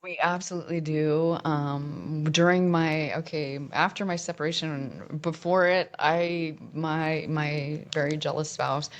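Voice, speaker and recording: Low-voiced woman telling her story. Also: fairly even intonation, unhurried, few pauses. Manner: candid, rambling, with many restarts. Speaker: musician guest. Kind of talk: casual interview storytelling.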